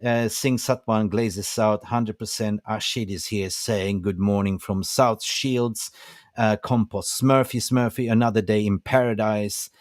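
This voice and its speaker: Impassioned man ranting, low and dry. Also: steady tone, measured pace, no room sound. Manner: impassioned, preachy, rallying. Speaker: fan channel host. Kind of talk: passionate livestream rant.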